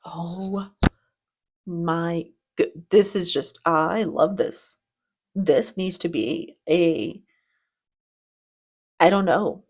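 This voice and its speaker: A woman's voice: fairly low pitch, very slow, pauses often, a little mellow, slightly rough. A woman hosting a reaction video, giving casual commentary in a chatty, enthusiastic way with frequent restarts.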